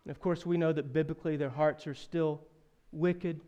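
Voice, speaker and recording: A man in his thirties delivers a sermon in a high, smooth, clear voice. He tells stories with self-deprecating humor. Then he builds to emphatic rhetorical questions and drops to a soft, earnest hush. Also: steady tone, normal speed, muffled recording. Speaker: pastor.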